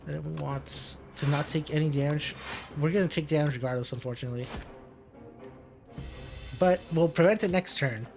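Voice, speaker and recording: A fairly high-pitched man with a darkish tone speaks at normal speed with fairly even intonation, vocal fry, and frequent pauses over faint music. This gaming commentator casually narrates his card game as he plays it, talking through each move, muttering, and laughing at setbacks.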